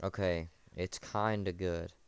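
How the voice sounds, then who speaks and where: A man's voice: deep voice, fairly even intonation, slow pace, clear, resonant tone, dry recording. A young man streaming early in the morning, tired with a morning voice, rambling and correcting himself as he tells a story. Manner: rambling, self-correcting, sleepy.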